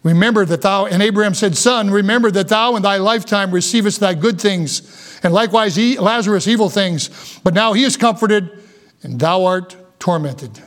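High-voiced fervent preacher man. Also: moderate pace. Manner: fervent preaching, dropping low for solemn warnings. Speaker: pastor. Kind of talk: sermon.

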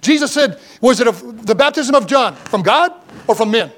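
High-voiced fervent male preacher. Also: animated, normal speed, fairly bright tone. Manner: fervent preaching, quoting scripture in old-fashioned wording. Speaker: pastor. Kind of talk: sermon.

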